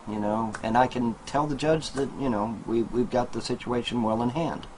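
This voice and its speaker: A man's voice: mid-range voice, steady tone, moderate pace, hardly any pauses, a little mellow, a little hiss or hum, low-quality recording. A man talking casually to a webcam at home in a small trailer, rambling and repeating himself, with many fillers and asides to his viewers. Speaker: video blogger. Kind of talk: casual monologue to camera.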